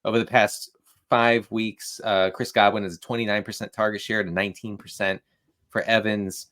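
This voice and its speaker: A man with a low voice gives casual football analysis. He talks steadily and leans on numbers to make his points. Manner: steady, stat-heavy, measured.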